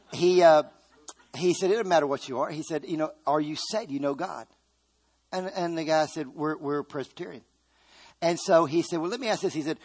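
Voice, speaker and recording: Man, preacher, sermon storytelling, earnest, somewhat high voice. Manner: earnest, retelling a story with quoted dialogue.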